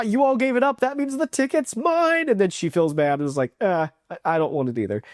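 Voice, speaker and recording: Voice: medium pitch, a little mellow, no room sound. Casual reviewer, rambling, enthusiastic, acts out quotes, dry close sound.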